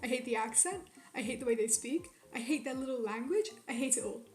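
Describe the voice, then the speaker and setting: A woman's voice: fairly high pitch, animated, fairly quick, a little mellow. A young woman streaming to her chat, rambling and swearing a lot as she rants. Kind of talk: casual chat with live chat. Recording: roomy echo.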